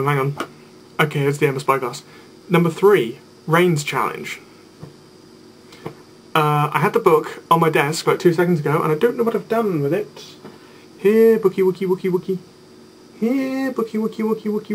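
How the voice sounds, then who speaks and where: Young man, vlogger, playful and rambling delivery, light faint background hiss. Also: fairly high pitch. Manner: playful, rambling, jokey asides. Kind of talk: casual vlog chat.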